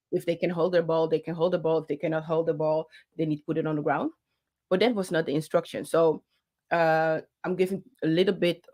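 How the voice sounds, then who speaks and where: Speaking into a handheld microphone, a woman who runs her own channel passionately tells a personal story, gesturing with her hands and using many fillers and restarts. Her voice is low with a darkish tone.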